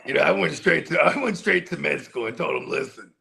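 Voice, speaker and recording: A man's voice: on the high side, brisk, vocal fry, bright, forceful tone, rough recording. A man co-hosting a live sports watch party, telling loose, profane, joking stories in casual banter. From California.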